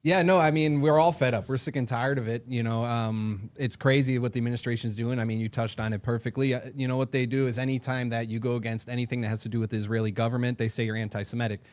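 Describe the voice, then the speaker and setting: A man's voice: medium pitch, steady tone, fast, hardly any pauses, a little mellow, no room sound. A man on a political panel, sounding fed up as he lists his complaints. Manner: fed-up, listing grievances.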